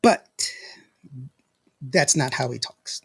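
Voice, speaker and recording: A man's voice: medium pitch, expressive, takes it slowly, creaky, slightly rough, dry recording, clean studio sound. A man hosting a podcast in casual chat, rambling and laughing often as he reads out live comments. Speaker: podcast host.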